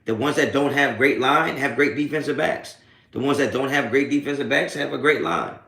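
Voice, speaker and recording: A man's voice: medium pitch, normal speed, vocal fry, pushed and bright, roomy sound. A man hosting a live post-game sports reaction stream, reading chat and trash-talking trolls with streetwise slang and constant swearing. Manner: profane, streetwise trash talk; taunting, laughing off trolls. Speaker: sports talk livestream host.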